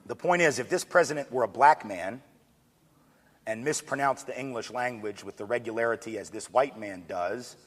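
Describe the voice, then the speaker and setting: A man giving an energetic public lecture with joking asides. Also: medium pitch, normal speed. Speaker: speaker on diversity. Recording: long hall reverb.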